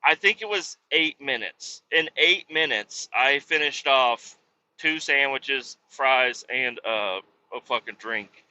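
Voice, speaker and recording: A Kansas City man drives his truck and tells rambling, profane, self-mocking stories in a casual monologue. His voice is medium in pitch and slow, with a bright, forceful tone.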